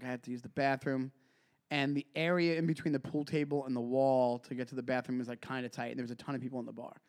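A man co-hosting a comedy podcast, telling stories in casual chat and acting out the voices in them. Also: mid-range voice. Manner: animated storyteller, acts out quoted voices. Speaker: podcast co-host.

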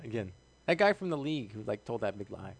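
A man's voice: fairly low pitch, sing-song, fast, gravelly, husky. A male podcast host in casual comedic chat, rambling with restarts, laughing often and swearing.

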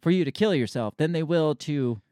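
A man's voice: a little high, lively intonation, moderate pace, dark tone, no room sound, clean studio sound. A man co-hosting a casual talk show, reading an article aloud and breaking in with incredulous, sarcastic comments. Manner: incredulous, sarcastic asides between quoted passages. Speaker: podcast co-host.

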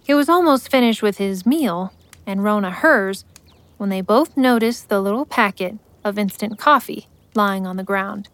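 A woman giving scripted story narration in a steady, measured way. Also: mid-range voice, no echo.

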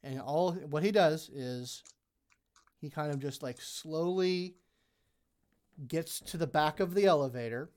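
A game master narrating a tabletop role-playing game with a halting delivery full of fillers. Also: mid-range voice, darkish tone.

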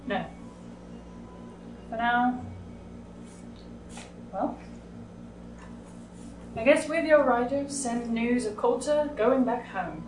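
A woman playing her character in a tabletop game, speaking softly and reassuringly. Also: fairly high pitch, animated, drawn-out words, long pauses. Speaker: player. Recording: echoey room, mic far off, noise.

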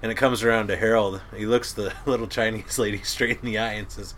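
Middle-aged man, boat captain type, gruff and animated storyteller, forceful tone. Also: lowish voice, a little fast, a little hiss or hum. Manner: gruff, animated storyteller who laughs at his own tales. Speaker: crab boat captain, guest. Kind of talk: casual storytelling.

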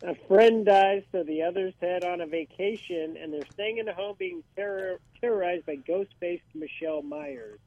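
A man's voice: high voice, normal speed, hardly any pauses, dry recording, dull audio. A man reviewing movies on a radio panel, with wry and dismissive quips. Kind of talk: casual panel chat.

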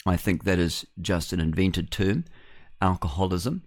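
A man's voice: deep voice, unhurried, dry recording, clean studio sound. A man hosting a talk radio show, blunt and scoffing, rambling through fillers. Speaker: radio host. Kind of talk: opinionated talk radio monologue.

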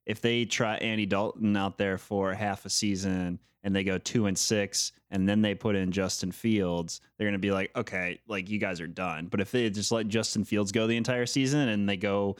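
A man's voice: lowish voice, steady tone, moderate pace, few pauses, smooth, no echo, clean studio sound. A man giving analysis in a casual sports chat as a podcast co-host.

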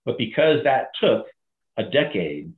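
A middle-aged man retelling a crisis story in an interview, animated and acting out the voices of others. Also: medium pitch, unhurried. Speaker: guest, former bank crisis manager. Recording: echoey, phone-like audio.

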